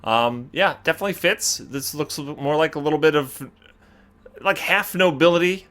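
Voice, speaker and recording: A man hosting a casual gaming video, reacting with animated exclamations and laughter. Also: a little high, moderate pace. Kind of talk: casual game commentary.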